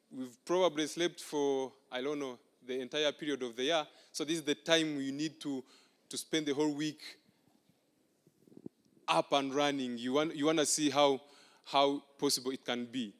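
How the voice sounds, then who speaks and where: A man working as master of ceremonies, giving relaxed, hesitant announcements to a crowd in a large hall. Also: a little high, moderate pace. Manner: relaxed, hesitant with many fillers. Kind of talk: casual event announcements. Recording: hall reverb.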